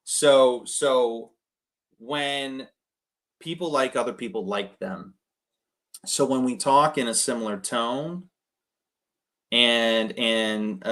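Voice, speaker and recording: A man coaching cold callers in a chatty, energetic way, full of fillers and restarts. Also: mid-range voice. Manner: acts out phone calls, shifting his tone to match others. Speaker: real estate investor coaching cold callers. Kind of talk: casual coaching talk on a video call.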